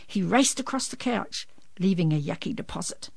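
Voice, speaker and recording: A woman reading a children's picture book aloud in an expressive, lively storytelling manner. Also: fairly low pitch, moderate pace, gravelly, husky, dry recording.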